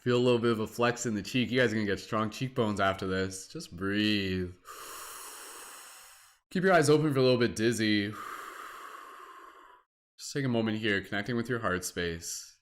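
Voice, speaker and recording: A man's voice: fairly low pitch, moderate pace, pauses often. A young Canadian man hosting a live-streamed guided meditation, chatty and giggly, with many fillers. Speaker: meditation host.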